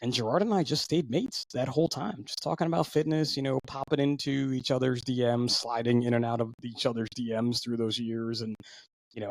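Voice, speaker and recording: Male podcast co-host, mid-pitched, loose rambling storyteller, dry close mic. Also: a little fast, no room sound. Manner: rambling storyteller, lots of fillers and restarts. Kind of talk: casual podcast chat.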